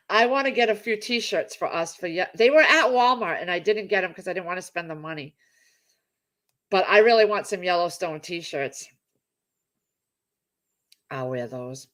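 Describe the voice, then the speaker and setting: A middle-aged woman hosts a casual livestream, chatting warmly with her viewers. She reads out their comments and gushes over them, rambling from one thought to the next. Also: medium pitch, moderate pace, long pauses. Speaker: livestream host.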